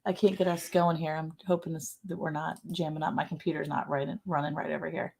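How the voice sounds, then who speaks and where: A chatty middle-aged woman with a slightly low voice co-hosts a relaxed livestream. She laughs often and reads viewer messages aloud in an easy, friendly way. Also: quick pace, vocal fry, slightly rough. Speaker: co-host of a livestream. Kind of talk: casual live chat reading comments.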